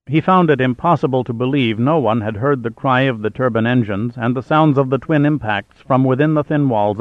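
A man's voice: medium pitch, dry recording. Man narrating a thriller over a tinny line. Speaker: audiobook narrator. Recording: tinny phone-like sound.

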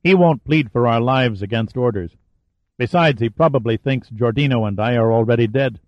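A man voicing a tough male military hero who talks in a dry, sardonic, steady way, on a dry, slightly dull recording. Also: medium pitch, normal speed, no room sound, close to an everyday voice. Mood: defiant.

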